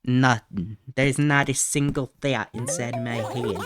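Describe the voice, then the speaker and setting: Silly guy chatting over his game, mid-pitch voice, goofy fake accent now and then, game music going behind him. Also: steady tone, slow pace, long pauses. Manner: goofy, self-mocking, slips into a silly put-on accent. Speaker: streamer. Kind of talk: casual gaming commentary.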